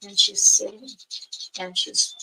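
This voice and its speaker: A woman elder telling a rambling spiritual story on a livestream, her voice jumping suddenly up in pitch. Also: slow pace, bright, forceful tone, a little hiss or hum, low-quality recording. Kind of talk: casual spoken storytelling on a livestream. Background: music.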